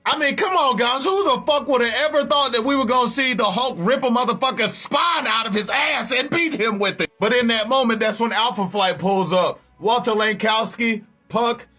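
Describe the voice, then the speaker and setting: A man's voice: extremely high pitch, moderate pace, few pauses, pushed and bright. A man recapping a comic book in a casual, profane, slangy storytelling style.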